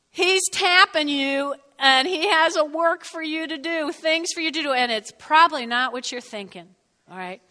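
A woman pastor giving a lively, conversational sermon, calling on the congregation to answer back. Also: sits high, moderate pace. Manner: lively, conversational preaching with call-and-response. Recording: long reverb of a large hall.

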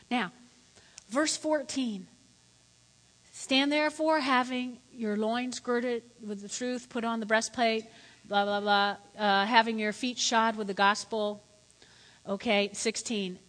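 A woman preaching a sermon in a church, quizzing her congregation in a lively way and swinging between quiet and loud. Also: fairly high pitch, unhurried, long reverb tail.

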